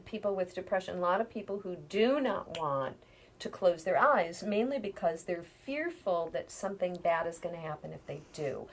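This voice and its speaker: A middle-aged woman, a healer, explaining things calmly in a conversational interview, sometimes dropping to a near-whisper. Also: lowish voice, moderate pace.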